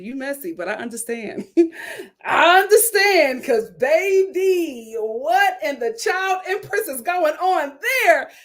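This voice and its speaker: A woman giving sassy, animated commentary on a reality show, laughing at her own jokes. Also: high voice. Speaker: reality TV reviewer. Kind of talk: casual commentary.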